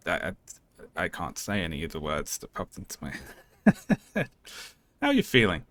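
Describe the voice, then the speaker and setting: A man commentates on a live game stream, casual and sarcastic, laughing often. His voice sits somewhat low with a bright, forceful edge. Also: wildly swooping pitch, normal speed, pauses often, a little hiss or hum.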